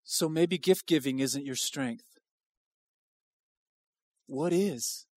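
A man's voice: on the high side, extremely slow, darkish tone, no room sound. A male pastor preaching an impassioned sermon at a church service, driving home repeated rhetorical questions.

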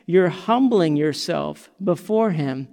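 A man preaching a sermon as pastor, animated, acting out the quotes he reads. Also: fairly high pitch, takes it slowly, vocal fry, in a large hall. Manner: animated, sings song lines and acts out quotes.

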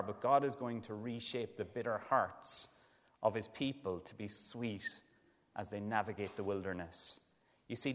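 A man preaching a sermon, earnest and building to emphatic questions. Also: mid-range voice. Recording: long hall reverb.

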